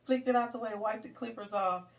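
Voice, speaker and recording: A middle-aged woman casually telling a story, animated, laughing and swearing as she goes. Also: on the high side, brisk, vocal fry, distant mic.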